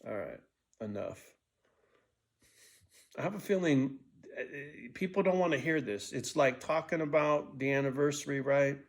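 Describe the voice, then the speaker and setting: A man's voice: medium pitch, moderate pace, vocal fry, long pauses. A man of sixty rambling through a profane vlog monologue, restarting and jumping between thoughts. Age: 60s. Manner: restless, frequent restarts and stumbles. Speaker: vlogger.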